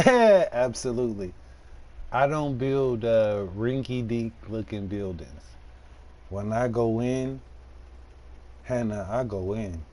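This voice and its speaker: A man's voice: medium pitch, animated, takes it slowly, pauses often, warm tone. A man from Detroit, casually chatting with viewers while playing a farming game on a live stream, slangy and laid-back. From Detroit, USA.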